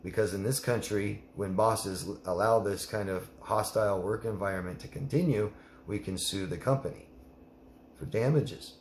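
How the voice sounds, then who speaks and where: A man's voice: lowish voice, moderate pace, reverberant, slight background noise. A man coaching a listener in a live Q&A, blunt and emphatic, repeating her name as he gives advice. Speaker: life coach.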